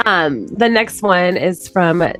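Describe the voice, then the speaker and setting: A woman co-hosting a podcast in casual chat, chatty and quick to laugh. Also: on the low side, lively intonation, a bit bright, soft background music. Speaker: podcast co-host.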